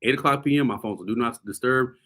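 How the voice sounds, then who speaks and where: A man hosting a show, telling a story casually to his viewers, animated and laughing often. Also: mid-range voice, quick pace. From US South. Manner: animated, laughing often, addresses audience as y'all. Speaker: host.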